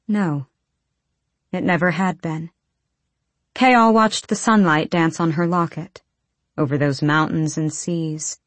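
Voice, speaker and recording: A woman narrating a fantasy audiobook in a measured, low-key storytelling manner. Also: fairly even intonation, dry recording.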